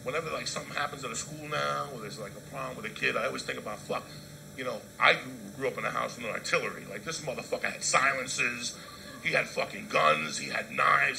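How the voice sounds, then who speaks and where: A middle-aged man telling a stand-up story, profane, swinging from loud outbursts to low asides. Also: expressive, fairly quick, vocal fry, low-quality recording. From New Jersey. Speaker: comedian.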